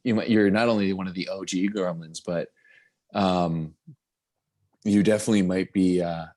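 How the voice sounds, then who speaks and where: A man's voice: low-pitched, steady tone, normal speed, a little mellow. A man hosting a casual interview, asking friendly questions and often repeating his words as he starts. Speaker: interview host.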